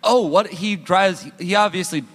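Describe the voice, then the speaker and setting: A man's voice: sits high, measured pace. A man co-hosting a comedy podcast in casual, joking chat, often slipping into silly voices, recorded before a small live audience. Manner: animated, jokey, jumps into silly voices. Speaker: podcast co-host.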